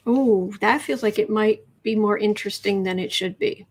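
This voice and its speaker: A woman's voice: mid-range voice, normal speed. A woman doing a casual tarot reading on a livestream, chatty and rambling, sometimes dropping into whispered asides. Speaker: tarot reader.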